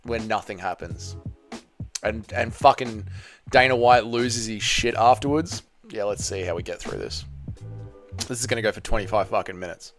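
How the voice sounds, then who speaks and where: A man's voice: lowish voice, moderate pace, a bit bright, faint music behind. A man hosting a live MMA reaction stream, chatting loosely with viewers and swearing freely.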